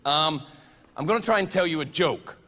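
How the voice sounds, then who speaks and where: A man performing a stand-up comedy set on stage, animated and loud, shouting punchlines and slipping into mock voices. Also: on the high side, normal speed. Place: large theatre with a live audience. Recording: live show with loud crowd noise.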